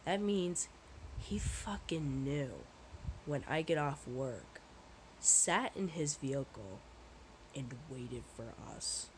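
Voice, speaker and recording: A woman's voice: low voice, expressive, takes it slowly, slight background noise, poor audio. A woman vlogger telling a personal story in a casual, rambling way, swearing often and sounding shaken. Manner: profane, candid, rambling with restarts.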